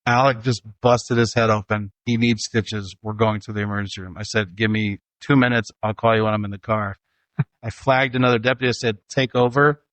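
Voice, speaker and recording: A man's voice: on the low side, steady tone, a little fast, a bit bright, dry recording. A middle-aged man hosting a casual family podcast, telling stories and laughing easily. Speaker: host, father.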